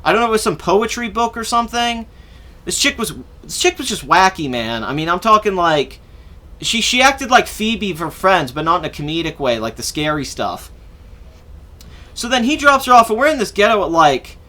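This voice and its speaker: A man's voice: sits high, big pitch swings, moderate pace, bright, forceful tone. A young adult man hosting a podcast, telling a long casual story in a rambling way, swearing freely and acting out what people said. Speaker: podcast host.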